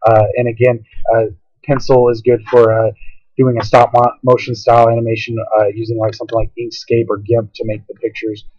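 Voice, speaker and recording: A man casually explaining software in a tutorial, rambling with many fillers, recorded at home on a laptop. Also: medium pitch, completely flat delivery, a little fast, no room sound, dull audio. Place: home, by a window. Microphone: laptop mic.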